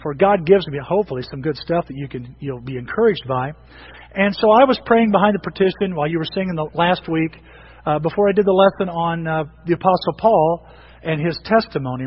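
A pastor delivers a lively, conversational sermon with a fairly high, slightly husky voice. He restarts sentences as he goes. The sound is dull and lo-fi. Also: long reverb tail. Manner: animated and conversational, frequent restarts.

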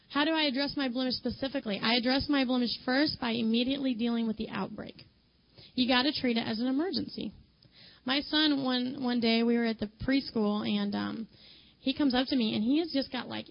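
A woman's voice: on the high side, gravelly, dull audio. A woman who is a mother speaks to a women's group in a chatty, conversational sermon, addressing her listeners directly and filling her talk with "you know".

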